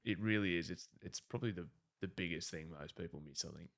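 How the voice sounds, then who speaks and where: A man hosts a casual podcast conversation. His voice sits fairly low, and he takes an easygoing, agreeable tone as he chimes in on his guest's stories. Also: quick pace, vocal fry, fairly bright tone. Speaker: podcast host. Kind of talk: casual chat.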